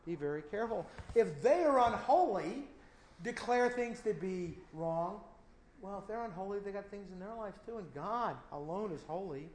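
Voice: medium pitch, animated, moderate pace, a little mellow, a little hiss or hum. Emphatic preacher in an echoey room. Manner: emphatic, with strings of rhetorical questions. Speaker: Bible teacher. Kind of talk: verse-by-verse sermon.

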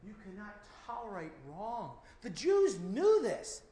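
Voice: mid-range voice, wildly swooping pitch, slow, warm tone, roomy sound, low-quality recording. A Bible teacher preaching a verse-by-verse sermon, emphatic and full of rhetorical questions.

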